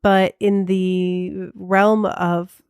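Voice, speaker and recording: A woman with a lowish, smooth voice co-hosts a casual podcast. She talks chattily, with restarts, fillers and easy laughs, close to the mic in a dry room. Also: flat delivery, very slow, a little mellow, no echo. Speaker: podcast co-host. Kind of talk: casual chat.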